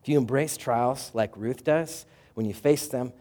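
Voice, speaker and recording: A male pastor giving a sermon, retelling a scripture story dramatically and swinging between loud and hushed passages. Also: mid-range voice, unhurried.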